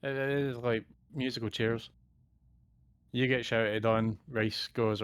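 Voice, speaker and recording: A man's voice: lowish voice, little pitch movement, takes it slowly, smooth, no room sound. A man playing a tabletop game over voice chat, teasing his friends and laughing. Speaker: tabletop player. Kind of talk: casual play over voice chat.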